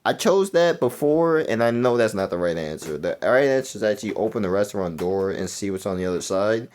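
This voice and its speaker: A man's voice: fairly low pitch, fairly quick. Young guy rambling thru a game quiz, mumbly then suddenly hyped, keeps second-guessing himself. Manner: rambling, self-correcting, swings between mumbling and excited outbursts. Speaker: gaming YouTuber. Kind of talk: casual commentary while playing a quiz game.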